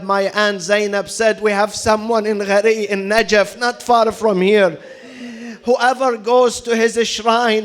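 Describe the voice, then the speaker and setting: Here a high-voiced male preacher narrates a story in a mourning sermon, mixing recited Arabic into his English. The delivery turns dramatic, rising toward loud cries of lament.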